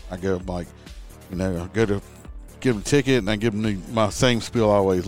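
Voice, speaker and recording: Speaking at a normal speed with frequent pauses, this lowish-voiced middle-aged man, once a police officer, recounts a profane tale on a podcast. He's animated and plays both parties in the argument while soft music runs in the background.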